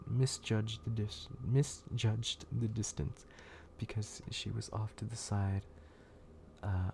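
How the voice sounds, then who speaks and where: A man's voice: fairly low pitch, vocal fry, warm tone, slight background noise. A man streaming, narrating a scary story in a casual, profane, laid-back way with frequent restarts.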